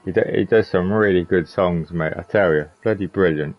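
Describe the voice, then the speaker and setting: A man's voice: sits low, normal speed, dull audio, soft background music. A man, a streamer chatting casually and repeating himself while he plays. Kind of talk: casual chat while gaming.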